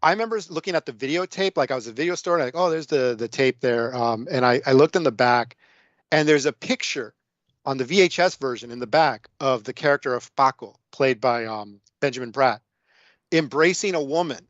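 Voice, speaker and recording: A man's voice: medium pitch, lively intonation, brisk, fairly bright tone, no echo, highs cut off. Chatty man rambling through a story. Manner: rambling storytelling with many fillers. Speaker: guest film discussant. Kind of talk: casual podcast film chat.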